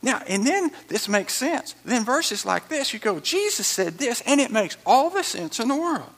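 A man's voice: extremely high pitch, sing-song, normal speed, fairly bright tone. A male pastor, preaching a sermon emphatically, repeating lines and adding dramatic asides.

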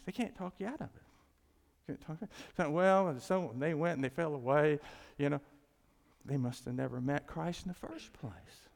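A man preaching a sermon as pastor, emphatic and rising to loud exclamations. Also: fairly high pitch, very animated, moderate pace, gravelly, long pauses, big-room sound. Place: church sanctuary.

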